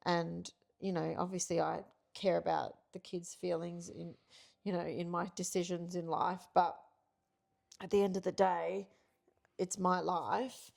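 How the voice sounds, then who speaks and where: Woman, middle-aged, low voice, gravelly, frank reflective couples chat. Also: little pitch movement, a little mellow. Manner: reflective, frank, halting with fillers. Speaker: podcast co-host.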